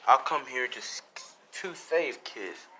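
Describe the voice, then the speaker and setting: A man's voice: medium pitch, lively intonation, unhurried, sharp tone, slight background noise. Guy doing a shady market dealer, fake nice, coaxing a kid along, fan story. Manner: falsely kind, coaxing. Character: fake-friendly male slave seller at a market.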